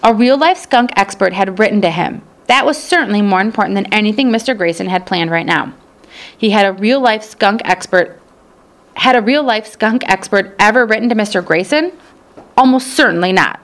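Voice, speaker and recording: Gravelly-voiced woman narrating an audiobook. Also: medium pitch, expressive, normal speed.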